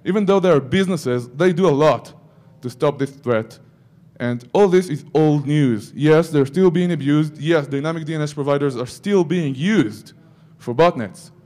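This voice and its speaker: A man's voice: fairly high pitch, moderate pace, few pauses, a little mellow. A man giving a security conference talk, breaking into joking asides to the audience. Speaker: conference speaker.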